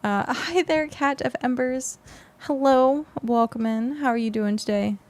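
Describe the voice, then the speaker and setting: A woman's voice: sits high, steady tone, a little slow, a little mellow. A young adult woman streamer chatting casually with her viewers on a close mic, rambling with lots of fillers. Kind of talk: casual livestream chat with viewers.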